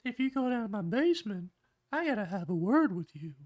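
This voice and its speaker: A creepy old man teacher, high and thin, who coaxes in a leering way, as a male narrator puts him on. The voice is pushed far above a normal man's pitch. It sounds dry and close. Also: sing-song, fairly quick, a little mellow, no room sound. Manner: creepy and coaxing.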